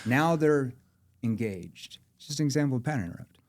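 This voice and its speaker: A man, a sales trainer as guest, explaining sales techniques in an animated, demonstrative way, acting out different tones of voice. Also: mid-range voice, brisk, no room sound, studio quality. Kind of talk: animated instructional chat.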